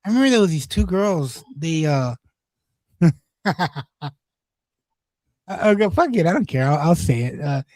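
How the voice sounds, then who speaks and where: A man's voice: a little high, very animated, a little slow, pauses often, a little mellow, no echo, low-quality recording. Rambling foul-mouthed man, dry close voice. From East Los Angeles. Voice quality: profane, rambling, many restarts. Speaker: streamer. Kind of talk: casual storytelling chat.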